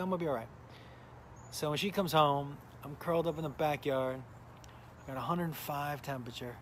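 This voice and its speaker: A man's voice: a little high, a little hiss or hum. A middle-aged man, a comedian, casually chatting and telling a rambling story on a live stream, greeting viewers by name while sounding a little tired. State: tired, recovering from illness.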